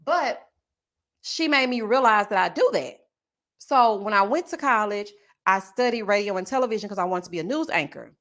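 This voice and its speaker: A woman with a Texas Southern twang, chatting casually with her viewers in a sing-song, drawn-out way. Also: mid-range voice, expressive, a bit bright. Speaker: YouTube reality-show reviewer. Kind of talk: casual chat reading viewer comments.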